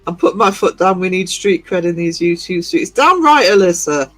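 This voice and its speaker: A man with a high-pitched, level voice speaks fairly quickly as he hosts a casual livestream, giggling while reading chat aloud. Faint music sits behind a dry, poor-quality recording.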